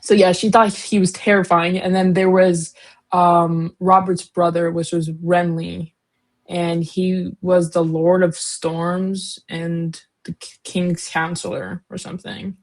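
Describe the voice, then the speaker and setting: A woman with a somewhat low voice chats through a book recap in a loose, rambling way. She leans on fillers and slang, often breaks into giggles, and loses her train of thought along the way. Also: little pitch movement, slow pace. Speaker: co-host, daughter. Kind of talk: casual book discussion.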